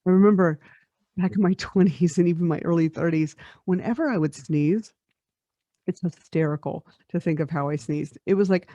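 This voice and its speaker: A woman in her forties tells a personal story on her podcast with a reflective, spiritual manner, laughing often. Her voice is mellow and dark-toned at a middle pitch. The recording is dry and a little dull, lo-fi. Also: moderate pace, dry recording. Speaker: podcast host and life coach.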